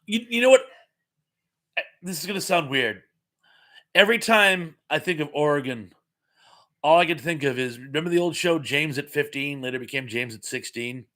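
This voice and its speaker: Middle-aged male live-chat host, bright and forward, talks in restarts and rambling asides. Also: fairly high pitch, moderate pace, pauses often. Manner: chatty, rambling storyteller who repeats words and restarts. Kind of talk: casual live-stream chat reading viewer comments. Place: home.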